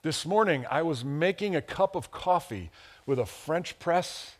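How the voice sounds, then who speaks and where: A lively male pastor delivering a sermon, his voice sitting a touch higher than most men's. He swings between hushed, intimate phrases and loud, acted-out bursts, with chuckles and playful asides along the way. He grew up around Chicago. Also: a little slow. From Chicago area, USA. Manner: animated, acts out quotes with big pitch jumps.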